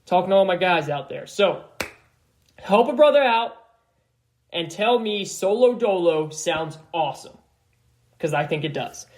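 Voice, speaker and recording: Loud, rambling young man hosting a podcast. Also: a little high, moderate pace. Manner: loud, animated and rambling, with many restarts. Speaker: podcast host. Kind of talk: solo sports podcast talk. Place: apartment room.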